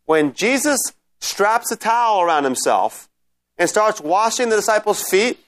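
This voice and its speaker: A man's voice: high-pitched, sing-song, a little slow, fairly bright tone. A man teaching a Bible study class in a conversational way, often checking in with his listeners and restarting his sentences.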